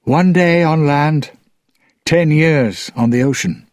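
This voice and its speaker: A weathered old pirate father played by a man speaks roughly and sincerely. His voice sits strained and high, in a dry storybook reading. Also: slow, no room sound.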